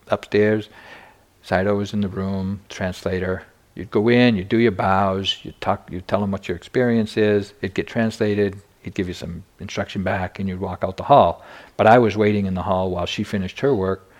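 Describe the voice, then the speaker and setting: An older man giving a meditation dharma talk, telling personal stories candidly with self-deprecating humor. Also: fairly low pitch. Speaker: meditation teacher.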